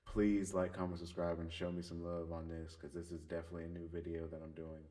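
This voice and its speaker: A man's voice: sits low, little pitch movement, fast, warm tone. A man giving an earnest, opinionated commentary on a show in a casual vlog, apologetic and talking through restarts. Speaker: YouTuber discussing a show. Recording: distant mic with faint background music.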